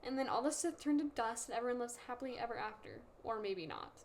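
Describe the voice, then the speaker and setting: A young woman co-hosts a casual chat podcast and tosses in quick, teasing jokes. Her voice is high, with a faint hiss in the background. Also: sing-song. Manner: joking, quick teasing asides. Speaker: podcast co-host.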